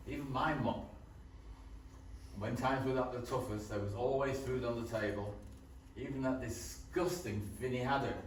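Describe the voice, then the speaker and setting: A man's voice: medium pitch, slight background noise, close to an everyday voice. A man playing a cheeky, affectionate grown son in a stage play, full of wisecracks. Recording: echoey hall, far from mic.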